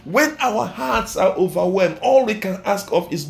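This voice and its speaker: Male pastor, high gravelly voice, fervent pleading prayer cadence. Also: animated, a little slow, few pauses, a little hiss or hum.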